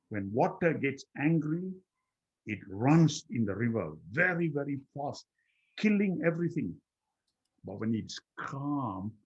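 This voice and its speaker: A man recounting a personal story about his childhood, with slow repeated restarts as he works through his thoughts. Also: medium pitch, a little mellow, husky, dull audio. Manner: slow, repetitive, with many restarts. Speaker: guest speaker.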